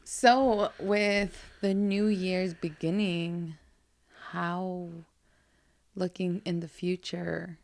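A woman co-hosting a podcast, chatting casually with a lowish voice. She is upbeat, giggly and encouraging toward her co-host. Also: fairly even intonation, very slow, vocal fry, darkish tone. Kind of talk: casual chat.

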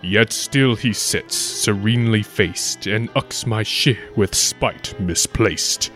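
A man giving a measured, solemn recitation of a spooky rhyming poem. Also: on the low side, a bit bright, faint music behind. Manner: measured, solemn storytelling delivery. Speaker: podcast co-host reciting a poem.

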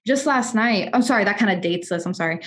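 A woman's voice: mid-range voice, animated, quick pace. A woman in her twenties in casual podcast chat, telling personal stories candidly and often restarting her sentences. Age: 20s.

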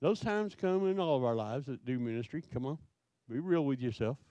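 A man preaching a sermon, asking his listeners question after question in a slow, emphatic way. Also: mid-range voice, lively intonation, warm tone, no room sound, dull audio. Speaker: pastor.

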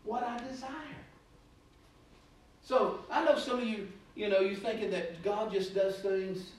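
A male preacher, heard from a distance in a very echoey room, with a slightly higher voice. He rambles through his stories and then builds into loud, urgent preaching. A faint hiss sits under the recording. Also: steady tone, measured pace. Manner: storytelling, rambling, rising to loud exhortation. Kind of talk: sermon.

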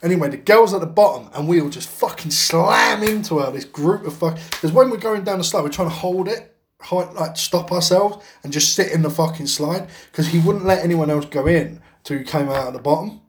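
A man's voice: on the high side, fairly quick, a little hiss or hum. A man co-hosting a podcast, telling a rambling anecdote in casual chat, swearing constantly and laughing as he goes. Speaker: podcast co-host.

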